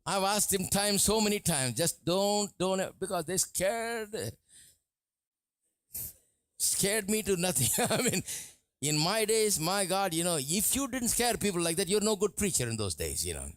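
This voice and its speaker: A male preacher giving a sermon, animated and often laughing as he acts out what people say. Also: sits high, moderate pace, no echo. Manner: animated, laughing, mimics voices in quotes.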